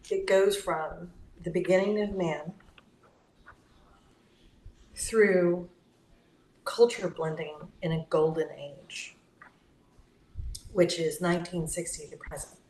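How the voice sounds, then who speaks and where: A woman co-hosting a casual talk podcast, measured as she reads out facts. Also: fairly low pitch, fairly even intonation, darkish tone. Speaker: podcast co-host. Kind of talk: casual chat. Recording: echoey room with faint noise.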